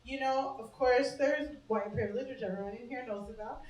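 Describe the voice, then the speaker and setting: A young woman with a high voice doing brash, self-mocking stand-up as the host of a small club show. She swears freely and breaks into laughter often. The sound is echoey and picked up from a distance. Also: a little fast, a crowd in the background. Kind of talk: stand-up comedy set. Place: small comedy bar stage.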